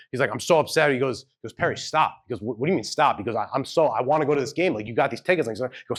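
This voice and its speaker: Talking very fast with hardly any pauses, a man with children tells a personal story as a keynote at a live event in a hall with an audience. His voice is medium in pitch, and his style is conversational and hedging, with quoted people acted out.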